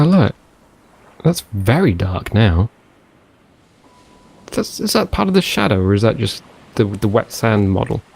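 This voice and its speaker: A gaming channel host mutters and chats his way through his own gameplay, a loose let's play aimed at no one but himself. His mid-range voice is creaky, husky, and slightly mellow.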